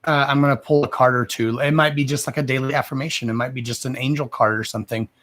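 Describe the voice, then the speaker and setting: A man hosting a live psychic reading stream, answering viewers slowly and deliberately and often calling them "darling". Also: mid-range voice, fairly even intonation, fairly bright tone, dry recording. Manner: slow and deliberate, calls viewers "darling", says "okay" again and again.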